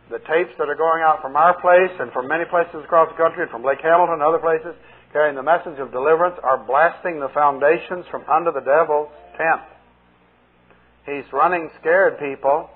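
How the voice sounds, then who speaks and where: A man's voice: fairly high pitch, steady tone, fairly quick, slightly rough. A male pastor preaching in a chatty, joking way and telling stories with acted dialogue, heard on a tinny lo-fi 1980 tape. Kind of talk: sermon with storytelling.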